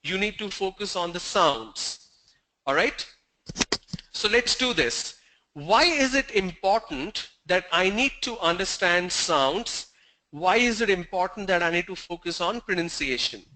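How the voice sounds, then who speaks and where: Man, high bright voice, slow measured teaching, online class lecture, asks questions, repeats key points. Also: animated, poor audio. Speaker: English pronunciation teacher.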